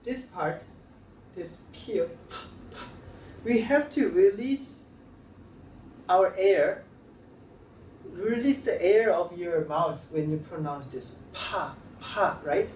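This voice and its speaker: Slow-talking male teacher. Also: high voice, darkish tone. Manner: slow, halting, repeats sounds for demonstration. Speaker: Korean language teacher. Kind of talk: classroom lecture at a board. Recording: roomy, slightly distant mic with faint room noise.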